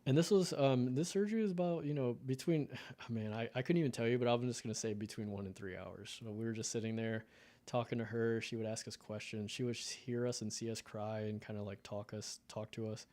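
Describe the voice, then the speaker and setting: A man's voice: mid-range voice, brisk, mellow. A man in his thirties from the United States, telling an emotional personal story in a casual podcast conversation. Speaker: podcast guest.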